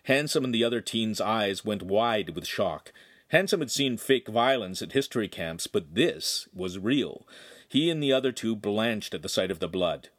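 A man narrating a young adult novel in an expressive storytelling manner. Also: fairly low pitch, normal speed. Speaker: audiobook narrator. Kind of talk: scripted narration.

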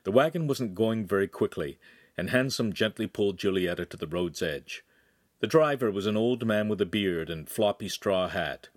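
Low-voiced man reading a novel aloud. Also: lively intonation, moderate pace, no echo, clean studio sound. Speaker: audiobook reader. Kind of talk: scripted narration.

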